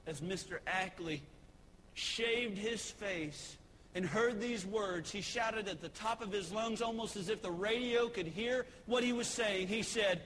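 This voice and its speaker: High-voiced impassioned preacher man. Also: measured pace, a little hiss or hum. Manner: impassioned preaching, swells to shouts. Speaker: pastor. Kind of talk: sermon. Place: church sanctuary. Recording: echoey church hall.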